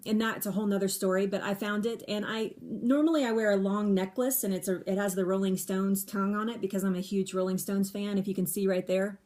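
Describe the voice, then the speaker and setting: Using a phone or webcam, a middle-aged woman hosts a relaxed live stream, answering viewer questions directly in an ordinary mid-range voice. She's candid and chatty, repeats words for emphasis, and often restarts sentences partway through.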